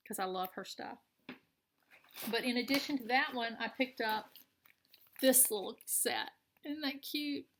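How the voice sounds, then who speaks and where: Southern lady chatting away about her stitching haul, excited, lots of ums, medium voice. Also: mid-range voice, vocal fry. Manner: chatty, enthusiastic, with fillers. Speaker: cross-stitch vlogger. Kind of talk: casual show-and-tell chat.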